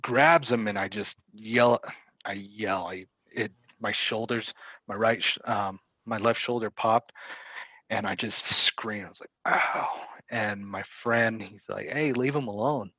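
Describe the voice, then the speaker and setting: A man telling a story in casual conversation as a podcast guest, halting and correcting himself as he goes, acting out what people said. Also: lowish voice, steady tone, husky, dry recording. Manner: halting, self-correcting retelling with quoted dialogue. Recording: dry, tinny phone-like line.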